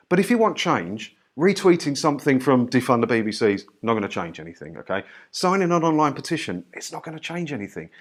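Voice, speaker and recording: A man from the UK giving a persuasive rant to his viewers. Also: medium pitch. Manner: ranting, persuasive. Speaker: YouTuber. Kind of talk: opinion rant to camera.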